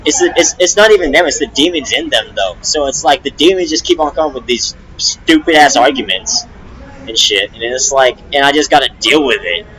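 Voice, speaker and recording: A man's voice: medium pitch, a little fast, bright, forceful tone, poor audio. A young man, a rapper, venting on a casual live stream, rambling and agitated, full of restarts and swearing.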